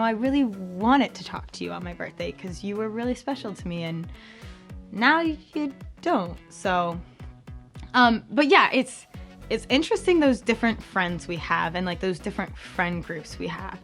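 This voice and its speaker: A young adult woman hosting a campus ministry podcast in a chatty, bubbly way, full of fillers and with high-pitched quoted voices. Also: expressive, normal speed, fairly bright tone, soft background music. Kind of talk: casual chat.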